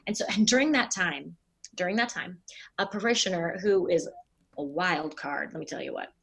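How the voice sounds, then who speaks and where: A middle-aged woman, a pastor, telling a personal story in a casual interview, with animated voices when she quotes people. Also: on the low side, normal speed, creaky, husky.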